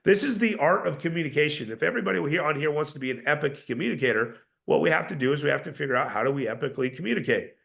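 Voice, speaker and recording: Gravelly-voiced male sales coach. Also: on the high side, rapid-fire, few pauses. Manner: energetic coaching, rhetorical questions, restarts. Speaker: sales trainer. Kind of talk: live training session.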